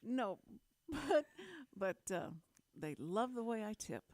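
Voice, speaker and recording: A woman in her fifties hosts a community radio talk show, chatting loosely and laughing often. Her voice sits at a middle pitch. The studio sound is dry and close. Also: big pitch swings, takes it slowly, darkish tone, dry recording. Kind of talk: casual on-air chat.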